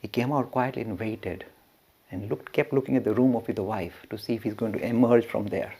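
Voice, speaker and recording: A man who teaches religion, telling a story as a lecture with animated asides and frequent chuckles. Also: fairly low pitch, fairly quick, slightly rough. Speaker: religious educator.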